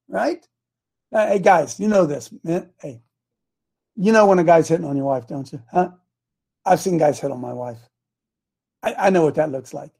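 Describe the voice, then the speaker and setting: A man's voice: sits high, animated, moderate pace, creaky, mellow. An older man hosting a talk show, speaking in an emphatic, fired-up, preachy way.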